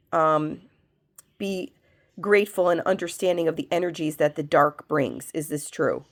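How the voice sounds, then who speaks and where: A woman who has a cold, working as a medium, leads a spiritual pendulum reading and asks slow yes-no questions that she answers herself. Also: low-pitched. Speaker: medium and reiki practitioner.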